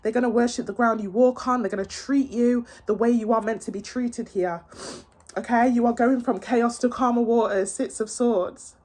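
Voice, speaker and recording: Earnest, reassuring and emotional to the point of tears, a woman does a casual tarot reading for her viewers, repeating words and using plenty of fillers. She speaks at normal speed in a fairly high, slightly mellow voice with fairly even intonation.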